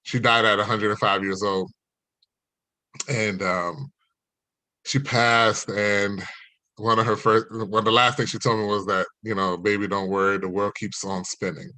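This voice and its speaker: Man, stand-up comic, bright open tone, loose rambling delivery, laughs at his own lines, video call. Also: fairly low pitch, little pitch movement, measured pace, no room sound. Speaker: stand-up comedian. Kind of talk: stand-up storytelling.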